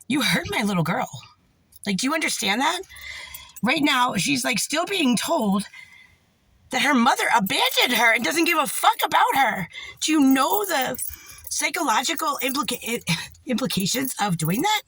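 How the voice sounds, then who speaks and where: A woman's voice: high voice, big pitch swings, normal speed, a bit bright, dry recording. A mother in an angry, profane, rambling direct-to-camera rant. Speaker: parent.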